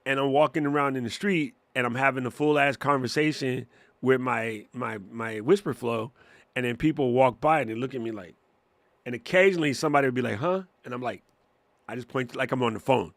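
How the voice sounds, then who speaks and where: Lively, laughing male streamer, dry sound. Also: mid-range voice, fairly quick, vocal fry, no echo. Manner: animated, laughing, swears freely. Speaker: host. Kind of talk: casual live-stream Q&A. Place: home studio. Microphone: studio microphone.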